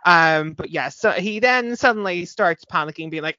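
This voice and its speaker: Woman co-host, low-ish voice, chatty and sweary, dry close mic with slightly dull sound. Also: moderate pace, dry recording. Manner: chatty, animated, swears freely, many fillers. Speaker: podcast co-host. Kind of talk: casual chat reviewing a TV episode.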